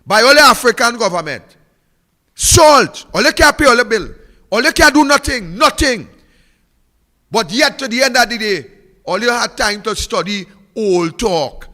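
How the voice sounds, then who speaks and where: Fiery high-voiced Trinidadian man. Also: animated, moderate pace, sharp tone, long reverb tail. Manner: fiery and mocking, repeating phrases for emphasis. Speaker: politician. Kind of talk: political speech.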